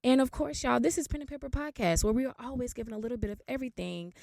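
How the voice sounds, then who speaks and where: Twenty-something woman spilling a story on her podcast, lively and animated, dry close sound. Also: a little high, quick pace, vocal fry, no room sound. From Raleigh, North Carolina. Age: 20s. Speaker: podcast host. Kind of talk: casual story time monologue.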